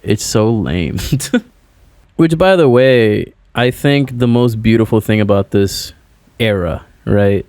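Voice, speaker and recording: A man's voice: lowish voice, slow pace, darkish tone, clear, resonant tone, no echo. A man, a musician guest, chatting casually on a podcast over a remote call, rambling and filling his talk with "like" and "you know".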